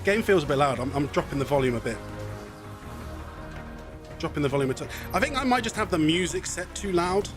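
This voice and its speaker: A man's voice: on the high side, animated, fairly quick, pauses often, music in the background. A man streaming a video game, chatting in a rambling way and often laughing. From half Scottish. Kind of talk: live game stream commentary.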